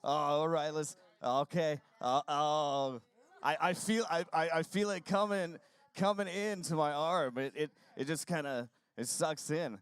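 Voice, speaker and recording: A man interviewing a fellow musician, asking casual questions with halting, stammering restarts. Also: on the high side, fairly even intonation, clean tone, no echo.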